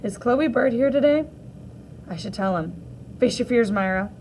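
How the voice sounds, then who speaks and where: A woman teacher reading a graphic novel aloud for children, gently voicing each character in turn. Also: fairly high pitch, lively intonation, moderate pace, slight background noise, low-quality recording.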